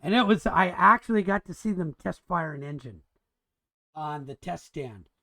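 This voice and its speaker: A man's voice: fairly high pitch, animated, normal speed, gravelly, bright, forceful tone. A man teaching an engineering drafting class in a casual, chatty lecture, enthusiastic and rambling with frequent restarts. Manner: enthusiastic and chatty, keeps calling things cool.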